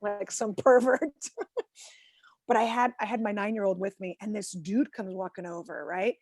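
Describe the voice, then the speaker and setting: A woman in her forties delivers a stand-up comedy routine from home via video call, acting out voices, poking fun at herself and shouting the punchlines. She speaks at normal speed in a mid-range voice, and the sound is clean studio audio with no room sound.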